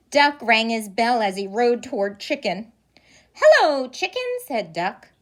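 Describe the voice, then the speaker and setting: A preschool teacher reading a picture book aloud to young children, pausing for gasps and questions along the way. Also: female voice, on the high side. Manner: animated storytelling with gasps and questions.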